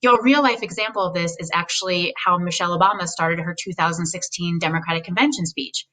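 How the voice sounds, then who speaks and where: A woman speaking as a guest, giving casual, animated advice on speechwriting and mimicking voices now and then. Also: on the low side, fast, recorded from a distance, low-quality recording. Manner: animated, acts out quoted voices, speaks frankly.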